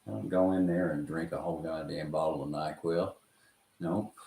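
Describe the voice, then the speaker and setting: A man's voice: very deep voice, steady tone, normal speed, vocal fry, mellow. A man with a West Texas accent telling stories in a casual, rambling way, swearing freely and chuckling as he goes. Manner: profane, chuckling storyteller. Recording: roomy echo.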